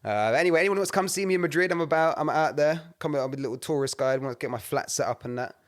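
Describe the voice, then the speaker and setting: A young man, talking casually as a podcast co-host. He tells stories in an animated way, packed with slang and swearing. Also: on the high side, fast talker. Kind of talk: casual chat.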